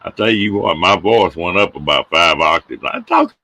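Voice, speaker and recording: A middle-aged man with a drawl hosts a casual show and tells tall tales. His voice sits very low, with a bright, forceful tone. He tells his folksy yarns with a laugh close behind. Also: moderate pace. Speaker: host telling stories. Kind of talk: casual storytelling on a live show.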